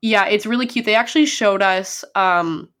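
A woman's voice: medium pitch, moderate pace, a bit bright. Young female podcast co-host, casual fangirl chat, peppered with "like", slight cold. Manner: gushing, heavy use of "like". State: sick with a sore throat.

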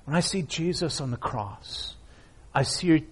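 A male pastor preaching a sermon in a slightly high, husky voice. He reads scripture aloud with feeling and often swings from loud, emphatic lines down to soft, hushed ones. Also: animated, measured pace.

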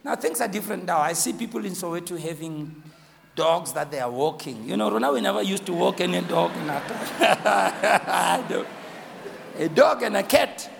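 South African bishop, very lively swooping delivery, fervent repeated calls, long hall reverb. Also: male voice, high-pitched, normal speed, vocal fry, a little hiss or hum. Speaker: bishop preaching. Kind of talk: live sermon. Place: large church hall.

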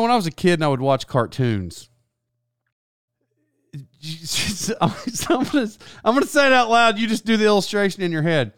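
A man's voice: on the high side, clean tone, dry recording, clean studio sound. A sports announcer telling a long rambling story in a casual, self-deprecating way, laughing as he goes.

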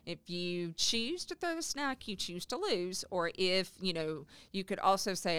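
A man talking as a parenting counselor on a podcast, calm and often laughing, acting out the phrases parents could say. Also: sits high, moderate pace, few pauses, clear, resonant tone, no echo. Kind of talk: podcast conversation.

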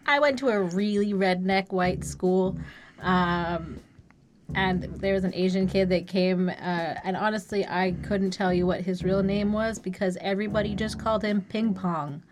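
A woman's voice: medium pitch, steady tone, normal speed, background noise. A young woman co-hosting a music review podcast, talking in a rambling way with many "like" and "um" fillers. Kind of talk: casual chat.

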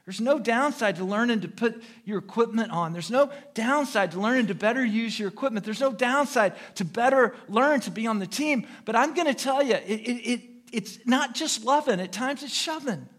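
A man's voice: extremely high pitch, normal speed, few pauses. A middle-aged American man preaching a sermon as pastor, telling stories with humor and imitating horn beeps. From United States. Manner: animated, humorous storytelling with vocal sound effects.

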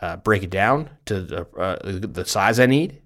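Rambling, low-voiced podcast host man. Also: animated, a little slow, fairly bright tone. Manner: rambling, self-deprecating, stumbles over words. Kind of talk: casual chat.

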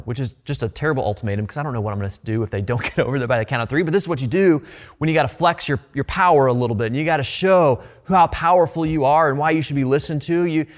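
A middle-aged male pastor delivering a sermon in an easy, conversational way. He stresses his points and circles back with repeated phrases to drive them home. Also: mid-range voice.

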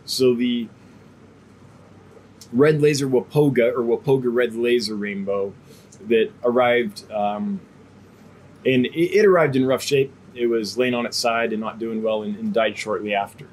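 A man's voice: mid-range voice, measured pace, darkish tone, slight background noise. Man, live stream host, fish seller, casual chatty rambling, cough drop in mouth, slight cough. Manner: chatty, rambling, with frequent fillers.

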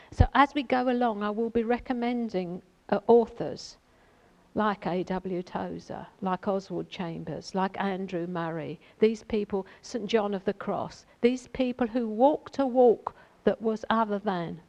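Brief: woman, lay preacher, informal chatty talk, medium pitch, rambling asides. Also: a little mellow, low-quality recording. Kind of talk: informal Bible teaching.

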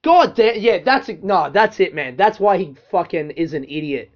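A man's voice: sits high, animated, normal speed. A man, a comedian, ranting casually and profanely with lots of filler words. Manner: profane, rambling rant with many fillers. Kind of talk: casual monologue. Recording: dull lo-fi recording.

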